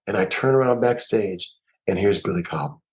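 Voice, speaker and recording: A man, a musician and producer, telling stories in an interview with an emphatic, animated way of talking and lots of repeated words. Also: deep voice, normal speed, rough recording. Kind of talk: storytelling interview.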